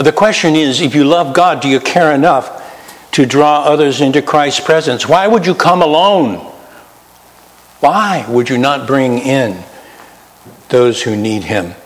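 A man's voice: medium pitch, big-room sound, low-quality recording. A man preaching a sermon in a folksy, self-deprecating way, shifting his pace and volume for emphasis. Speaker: pastor.

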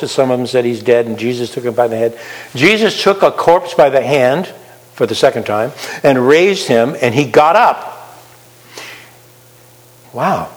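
A man's voice: mid-range voice, in a large hall, rough recording. A man preaching a sermon, asking his listeners questions as he explains a Bible passage. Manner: animated, asks the audience questions.

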